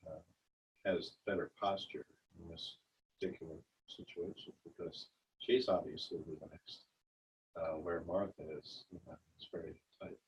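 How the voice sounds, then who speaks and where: A man in a Bible study group, talking in a relaxed, conversational way with many fillers. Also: low-pitched, normal speed. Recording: distant, dull room recording with faint noise.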